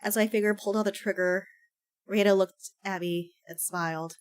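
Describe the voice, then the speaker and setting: A woman reading the narration of a haunted woman detective in a game, in a low, hushed, somber voice. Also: steady tone, moderate pace, smooth, natural voice. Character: haunted woman detective recalling her own deed.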